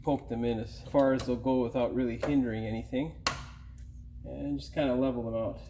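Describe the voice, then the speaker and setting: A man's voice: mid-range voice, steady tone, a little fast, noisy background. Blunt, casual man explaining a car repair. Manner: casual, blunt, mildly profane. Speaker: mechanic and channel host. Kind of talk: hands-on repair tutorial.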